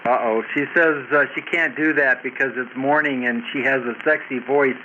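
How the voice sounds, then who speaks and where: An older man talks over a ham radio link in a hesitant, halting manner. His voice sits at an ordinary pitch, dulled by the muffled radio and a clear hiss of static. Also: fairly even intonation. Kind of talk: casual radio chat.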